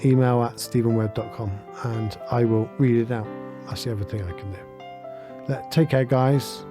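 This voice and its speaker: A middle-aged man hosting a reflective podcast, talking in an earnest, gentle and heartfelt way, chuckling often. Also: medium pitch, steady tone, moderate pace, music in the background. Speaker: podcast host and spiritual teacher.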